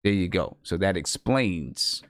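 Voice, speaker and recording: A man's voice: low-pitched, lively intonation, a little slow, dry recording, studio quality. A man from upstate New York hosting a casual music review show, reading artist bios with small stumbles. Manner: reads bios aloud, hesitant restarts. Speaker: podcast host.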